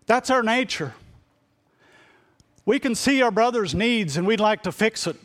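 A man's voice: sits high, animated, a little slow, a bit bright. A middle-aged man preaching a sermon in an earnest, confessional way, often repeating himself as he reaches for the right words.

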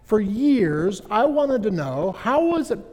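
A middle-aged man delivers a sermon in a high, husky voice. He tells his story earnestly, stumbling and restarting his sentences. The long reverb of a hall hangs on every word. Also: sing-song, takes it slowly, a little mellow. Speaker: preacher.

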